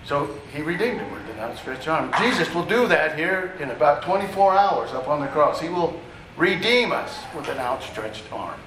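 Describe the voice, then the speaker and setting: A man's voice: fairly high pitch, lively intonation, normal speed, fairly bright tone, a little hiss or hum. Male preacher, echoey and distant. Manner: conversational teaching with asides to the congregation. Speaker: pastor. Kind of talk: sermon. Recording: echoey room, distant mic, faint ambience.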